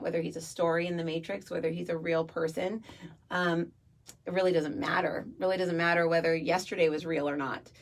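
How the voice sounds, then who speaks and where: Sex: woman. Role: radio host. Style: casual spiritual talk. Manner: rambling, animated, fillers. Pitch: lowish.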